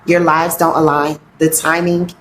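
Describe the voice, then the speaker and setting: Earnest low-voiced woman in echoey room. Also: level tone, fairly bright tone, a little hiss or hum. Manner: heartfelt, halting, reflective. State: fighting back tears. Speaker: wellness coach. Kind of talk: earnest motivational talk.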